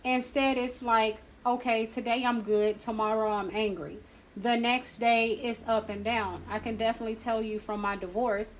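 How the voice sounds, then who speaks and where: A woman's voice: a little high, slight background noise, rough recording. Reflective woman hosting a grief talk. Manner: reflective, uses examples from own life. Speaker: grief podcast host. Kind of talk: supportive faith-based counseling talk.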